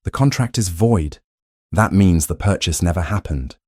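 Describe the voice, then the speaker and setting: A man voicing a young woman who speaks flatly and bitterly, her voice trembling. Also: sits low, normal speed, breathy edge, no echo, clean studio sound. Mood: numb. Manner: flat, trembling, accusing.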